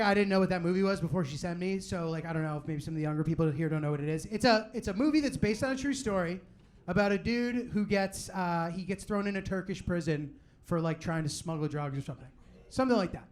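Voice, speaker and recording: There's a slight hiss or hum under this live comedy set, where a young comedian with a distinctly high-pitched voice talks his way through the material. His delivery wanders, full of "like" and "you know what I mean," with brief impressions of what friends and relatives said.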